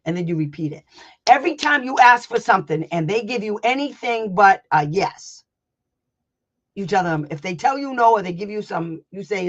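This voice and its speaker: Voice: medium pitch, lively intonation, brisk, dull audio. An advocate coaching parents in an informal online session, blunt and emphatic, swearing, laughing and hammering points home through repetition and acted-out exchanges. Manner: blunt, brash and emphatic, with profanity and frequent laughs.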